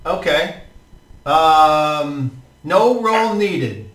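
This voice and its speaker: A man narrating as game master for a tabletop game, in a relaxed, hesitant way. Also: on the high side, drawn-out words. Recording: roomy echo, distant mic.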